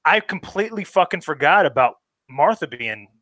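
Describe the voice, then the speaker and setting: A man's voice: on the high side, very animated, normal speed, pushed and bright, no room sound. A man in casual film chat, talking in an emphatic, profane and passionate way.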